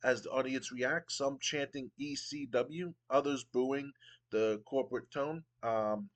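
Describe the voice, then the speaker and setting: A man's voice: medium pitch, steady tone, measured pace, low-quality recording. A man casually narrating his wrestling game playthrough, rambling with frequent ums and restarts. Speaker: game streamer.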